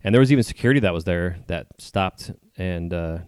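A man's voice: low-pitched, a little fast, darkish tone, clear, resonant tone, no echo, studio quality. A man co-hosting a podcast, telling a story in a rambling way with many fillers and restarts. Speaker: podcast co-host. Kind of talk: casual chat.

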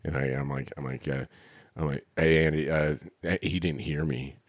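A man hosting a podcast, chatting casually and telling an animated story with lots of swearing and acted-out quotes. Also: rumbling low, moderate pace, dry recording. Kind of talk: casual chat.

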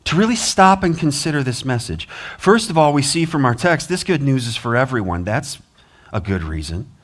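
A man's voice: medium pitch, sing-song, moderate pace, a bit bright. A man preaching a sermon as pastor, earnest, with rising emphasis, American accent. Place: church sanctuary.

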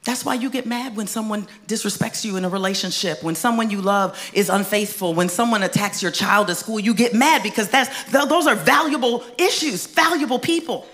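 A woman preaching a sermon in a conversational, folksy way, swinging from loud emphatic bursts to hushed whispers. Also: medium pitch, a little fast, few pauses. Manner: conversational, folksy asides to the congregation. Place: church stage before a congregation.

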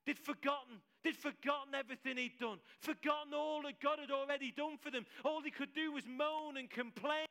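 A man delivers a sermon to a church congregation with a notably high, bright and forceful voice. He talks with emphatic conviction and keeps doubling his key phrases to drive them home. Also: steady tone, brisk, few pauses. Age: adult with several children. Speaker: preacher.

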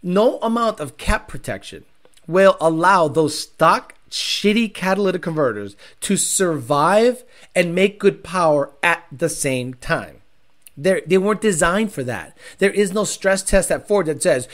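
A man's voice: high-pitched, lively intonation, measured pace, a bit bright. A young man hosting a casual car-tuning livestream. He answers viewer questions bluntly and profanely, makes jokes, and mocks others in put-on voices.

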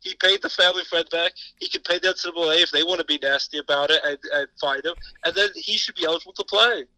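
Rapid, bright-toned co-host. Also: male voice, fairly high pitch, dry recording, poor audio. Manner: rapid, piling up reasons in long run-on sentences. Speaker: sports talk co-host. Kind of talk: opinionated sports talk.

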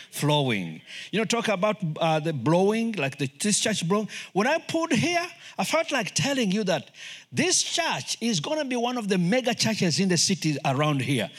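Animated preacher man with lively, swooping pitch. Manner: animated, repeats words, acts out quoted voices. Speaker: guest preacher, missionary. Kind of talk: lively sermon.

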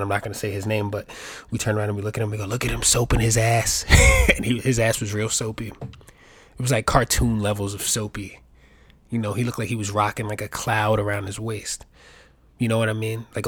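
Young male podcast host, loose and jokey, swears freely, mid-pitched, dry close sound. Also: no echo. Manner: profane, rambling, jokey asides. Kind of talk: casual rambling monologue.

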